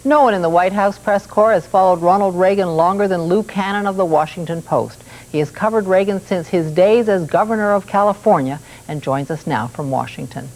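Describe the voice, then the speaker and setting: A woman hosting a news program, asking brisk, probing interview questions and introducing segments. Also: on the low side, darkish tone, low-quality recording. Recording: 1980s TV broadcast off tape.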